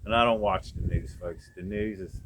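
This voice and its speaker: A man's voice: low voice, fairly even intonation, moderate pace, noisy background. A man telling a story from his past in a blunt, profane, conversational way, speaking straight to his viewers. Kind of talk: casual spoken storytelling.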